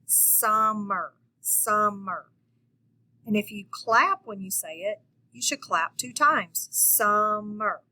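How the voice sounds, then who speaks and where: This is a phonics lesson for children, taught by a woman who talks patiently and slowly, speaking to viewers and urging them to respond. Her medium-pitched voice is expressive, sharp, and husky, and the audio quality is low.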